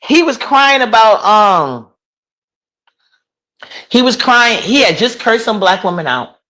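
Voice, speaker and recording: A woman's voice: a little high, lively intonation, slow, fairly bright tone. A woman, chatting casually on a livestream, reading and answering comments. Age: 40s. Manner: gossipy, incredulous, talks back to chat. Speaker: livestream host.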